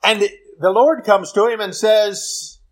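An American man preaching a sermon. His questions rise to a plea, and he drops low and soft when he reads scripture. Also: slow pace. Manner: emphatic, rising to pleading questions, dropping low and soft on scripture.

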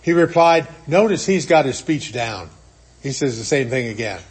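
A man's voice: medium pitch, expressive, normal speed, slightly rough. A man preaching a sermon, earnestly retelling a scripture story and acting out its quotes.

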